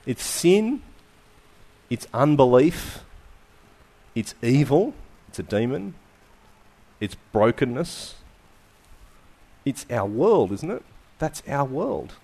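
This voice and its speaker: A man preaching a sermon, asking rhetorical questions and letting his phrases fall to quiet endings. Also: mid-range voice.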